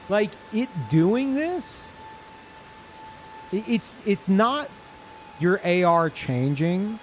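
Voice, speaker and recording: A man commentating his own gameplay on stream, cursing in disbelief and swinging from high yelps to low grumbles. His talk is slow and drawn out, with a fairly high, very lively pitch. A faint hiss sits under the desk-mic recording. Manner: swearing, incredulous, jumps between loud outbursts and low mutters.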